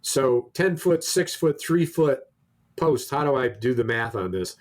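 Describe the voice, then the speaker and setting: Co-hosting a podcast, a man tells a long anecdote in casual chat, restarting again and again and acting out the quoted exchanges. His medium-pitched voice is expressive, and he speaks a little slowly.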